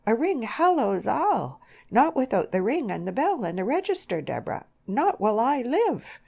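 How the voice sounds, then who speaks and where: A woman doing a shrill scolding country mother. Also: very animated, moderate pace, vocal fry, darkish tone, breathy edge, exaggerated voice. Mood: insistent.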